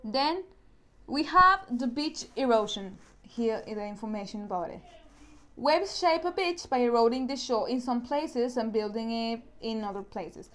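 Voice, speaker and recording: A woman's voice: a little high, expressive, normal speed, a bit bright. A woman with a Spanish accent teaching an online science lesson, explaining step by step and often repeating or restarting words. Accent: Spanish-speaking.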